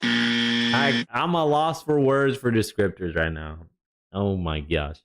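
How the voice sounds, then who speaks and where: A jet-lagged male streamer giving relaxed, rambling reaction commentary with chatty asides. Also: medium pitch, slow pace. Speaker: streamer reviewing a developer stream.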